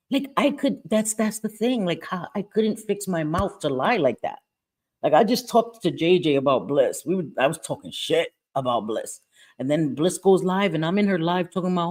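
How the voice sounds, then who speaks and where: A livestream host with a low, darkish voice talks casually into her webcam mic. She's outspoken and swears freely, often repeating herself and laughing as she goes.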